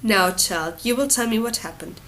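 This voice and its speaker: A woman voicing a gruff, weary bearded king who speaks impatiently and blusters, in an audiobook reading. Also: a little high, normal speed, fairly bright tone, natural voice, rough recording.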